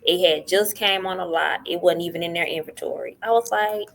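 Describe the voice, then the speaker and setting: A woman's voice: lowish voice, brisk, creaky. A middle-aged woman, a podcast guest telling her story in casual talk and acting out what others said. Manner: animated, acts out what others said.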